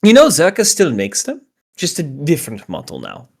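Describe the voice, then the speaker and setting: A woman's voice: low voice, wildly swooping pitch, moderate pace, darkish tone, breathy edge. A woman running a tabletop game as game master, teasing the players and laughing often.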